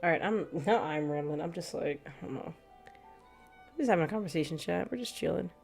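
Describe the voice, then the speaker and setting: A woman's voice: fairly low pitch, fairly quick, creaky, a little mellow, faint music behind. A woman streamer in casual, rambling chat with her viewers, a little stuffy from allergies and laughing often. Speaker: gaming streamer.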